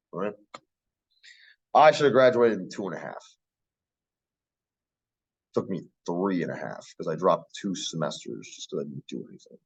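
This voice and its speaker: Male lecturer, casual and profane, always asking if the class gets it; animated pitch, lo-fi sound. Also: vocal fry, slightly rough. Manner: blunt, profane, keeps checking the class understands.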